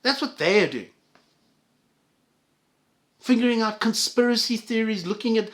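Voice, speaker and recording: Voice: mid-range voice, expressive, moderate pace, pauses often. Profane, heated ranting vlogger. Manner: heated, profane, stammering restarts. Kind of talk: angry solo rant to camera.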